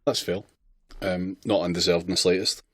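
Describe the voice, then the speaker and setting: A man's voice: low voice, fairly even intonation, normal speed, a bit bright, dry recording. A man co-hosting a podcast in casual chat, making dry, laconic remarks. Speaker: podcast co-host.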